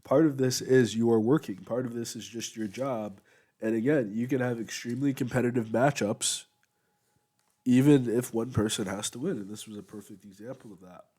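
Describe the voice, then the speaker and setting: A man's voice: mid-range voice, normal speed, dark tone, slightly rough. A man giving a rambling, casual review of a wrestling show, full of fillers, talking as he eats at home. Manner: rambling, loose, many fillers. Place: at home, eating while recording.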